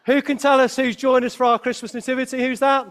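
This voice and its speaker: Speaking at a quick pace in a very high-pitched voice, a man leads a spirited children's talk at a Christmas service and quizzes the young listeners as he preaches.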